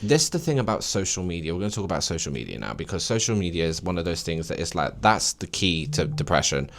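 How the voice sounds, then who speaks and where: A man in his late twenties with a deep, low-pitched voice talks through a solo podcast monologue. He rambles, preaches and presses his points with emphatic encouragement to the listener. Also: sing-song, fast, gravelly. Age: late 20s. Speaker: podcast host.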